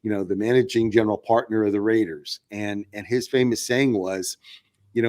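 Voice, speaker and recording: A man's voice: fairly low pitch, steady tone, fairly quick, darkish tone. A man appearing as a podcast guest, talking sports in a casual, rambling way with many fillers and restarts.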